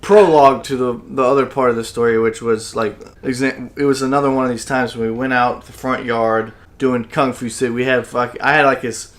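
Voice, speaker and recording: A man's voice: mid-range voice, steady tone, fairly quick. A young man co-hosting a podcast, telling a rambling, profane story and acting out what he said back then. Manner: rambling, profane, acts out his own lines. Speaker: podcast co-host. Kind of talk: casual storytelling.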